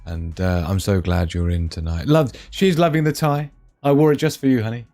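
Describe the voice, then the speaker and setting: A man's voice: fairly low pitch, fairly even intonation, normal speed, warm tone, soft background music. A man hosting a casual live stream, joking with viewers, teasing them with pet names and laughing often. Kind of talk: casual live chat reading viewer comments.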